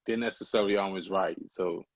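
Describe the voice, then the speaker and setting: A man's voice: sits low, fairly even intonation, brisk, dry recording, highs cut off. A young man from Antigua, a podcast guest, chatting in an easygoing way with frequent laughs and fillers. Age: young adult. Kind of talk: casual interview chat.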